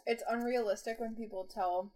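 A young woman in her twenties with a slightly high voice chats as a podcast co-host. She is easygoing and agreeable, and often laughs along. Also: fairly even intonation, normal speed, darkish tone. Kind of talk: casual chat.

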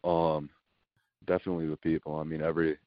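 Young guy on a phone call, super deep flat voice, dull dry line, lots of ums. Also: fast talker, no echo. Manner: plain, hesitant, many fillers. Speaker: guest football recruit. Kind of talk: phone interview.

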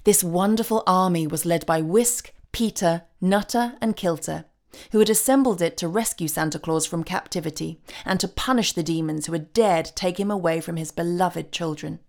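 A woman narrating a storybook in a steady, measured reading voice. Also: on the low side.

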